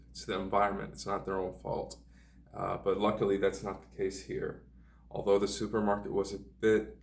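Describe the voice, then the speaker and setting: A man's voice: fairly low pitch, creaky, distant mic. A man telling a meandering personal story in a sardonic tone, full of hedging asides. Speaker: vlogger.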